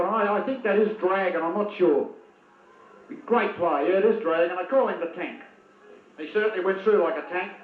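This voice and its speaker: This Australian man's voice sits high as he commentates a local football match with excitable bias, yelling to players by name. The recording is from an echoey room, phone-quality, with a little hiss or hum.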